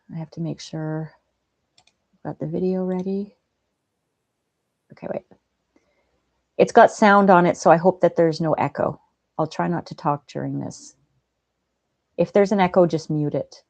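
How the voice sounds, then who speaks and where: Soft-spoken woman hosting a gentle livestream. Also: deep voice, measured pace, gravelly, pauses often, no echo. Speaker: livestream host. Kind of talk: casual chat reading viewer comments.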